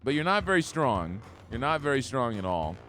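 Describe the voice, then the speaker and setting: A man giving excitable, joking let's-play commentary as a gaming streamer, reading the game text aloud. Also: medium pitch, moderate pace. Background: game music.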